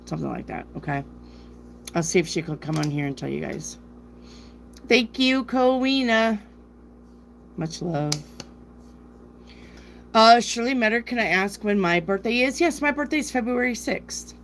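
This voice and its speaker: A woman's voice: medium pitch, lively intonation, moderate pace, vocal fry, pauses often, a bit bright, a little hiss or hum. A woman from South Dakota with a northern US accent, a tarot reader chatting on a live stream and reading out viewers' questions. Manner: chatty, rambling, reads viewer questions aloud.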